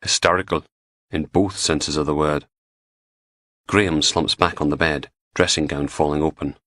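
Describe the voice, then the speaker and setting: A man reading a crime novel aloud as an audiobook narrator, in steady, measured scripted narration. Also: a bass voice, no room sound.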